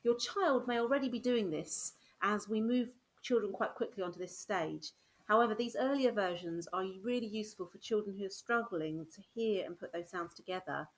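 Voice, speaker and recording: A woman primary school teacher, patiently explaining a phonics game to parents and sounding out words slowly. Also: medium pitch.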